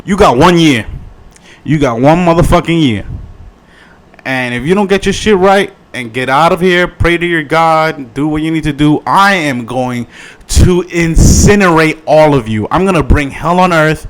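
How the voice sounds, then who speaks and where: A man voicing a vengeful male vampire lord who threatens a whole town, loud and profane. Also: on the high side, unhurried, natural voice. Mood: furious threatening.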